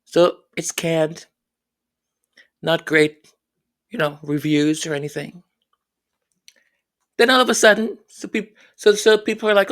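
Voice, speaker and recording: A woman hosting solo royal commentary, sarcastic and mocking, who mimics others in quick quoted asides and repeats words for effect. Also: low-pitched.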